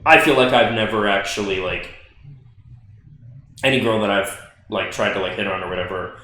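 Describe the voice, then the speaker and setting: This young podcast co-host has a lowish voice with a bright, forceful tone and a moderate pace. He chats loosely and jokes, saying "like" a lot, and the room echoes heavily.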